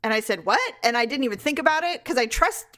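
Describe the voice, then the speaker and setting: A woman's voice: sits high, fast talker. A middle-aged woman co-hosting a podcast, telling a family story in casual chat and acting out the voices she quotes. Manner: animated storytelling, acts out quoted voices, laughs often. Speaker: podcast co-host.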